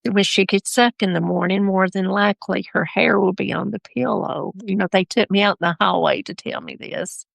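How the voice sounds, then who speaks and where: A woman's voice: medium pitch, steady tone, normal speed, gravelly, hardly any pauses, no room sound. A woman, a mother and podcast guest, telling a personal story in a rambling, heartfelt way with self-corrections.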